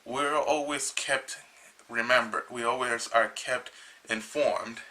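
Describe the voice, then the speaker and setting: A man with a very bright, sharp-edged voice retells a comic book's plot in a loose, casual way. He rambles and halts, restarting his sentences often, and sounds a little tired. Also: mid-range voice, fairly even intonation, rough recording. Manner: rambling, halting, with many restarts. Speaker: comic book reviewer.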